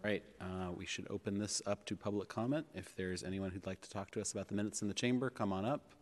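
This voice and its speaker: A man chairing a public board meeting in a legislative chamber, measured and pausing with fillers. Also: on the low side, steady tone. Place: city hall legislative chamber. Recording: long reverb of a large chamber.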